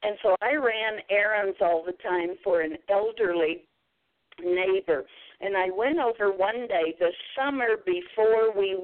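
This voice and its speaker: A woman's voice: medium pitch, unhurried. A woman from southeastern Kentucky with an Appalachian accent, a guest telling her story in a folksy way. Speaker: guest, author and speaker. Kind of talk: storytelling interview. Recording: tinny phone-like sound.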